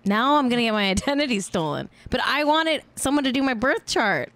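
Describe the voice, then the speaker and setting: A woman's voice: fairly high pitch, lively intonation, a little fast, a bit bright, no echo. Chatty woman gossiping about celebrities. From California. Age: 30s. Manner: chatty, jokey, laughs often. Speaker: podcast host. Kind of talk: casual celebrity gossip chat.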